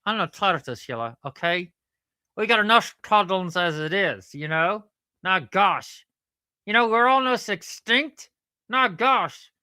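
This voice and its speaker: A woman's voice: medium pitch, expressive, unhurried, bright, forceful tone, no room sound. A woman voicing a crude, cheeky male platypus puppet in a ventriloquist comedy act, brash and teasing, always calling the host by name. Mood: indignant. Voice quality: brash, teasing, keeps saying the host's name.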